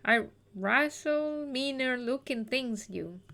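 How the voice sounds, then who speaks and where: A woman's voice: high voice, sing-song, moderate pace, bright, forceful tone, a little hiss or hum, heavily acted. A woman reading a brash young Southern woman photographer aloud, with a put-on exaggerated Southern drawl and slangy, feisty talk, over game music.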